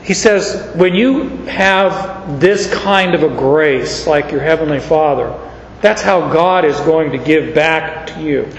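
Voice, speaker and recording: Male preacher, fairly high voice, folksy and conversational; sermon captured in a reverberant hall. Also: takes it slowly, creaky, highs cut off, a little hiss or hum. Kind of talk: sermon with personal story.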